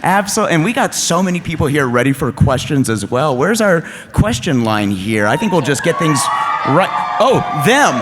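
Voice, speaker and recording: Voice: medium pitch, sing-song, moderate pace. A moderator running a convention Q&A in an upbeat, bubbly way. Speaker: panel moderator. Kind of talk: hosting a convention Q&A. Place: large convention hall. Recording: echoey hall with background noise.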